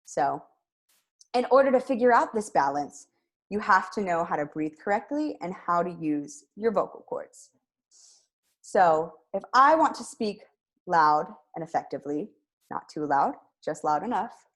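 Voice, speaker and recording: Young woman, speech teacher, lowish voice, clear upbeat delivery. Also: very animated, measured pace. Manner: clear, upbeat, demonstrates with examples. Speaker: public speaking teacher. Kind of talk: instructional lesson to camera.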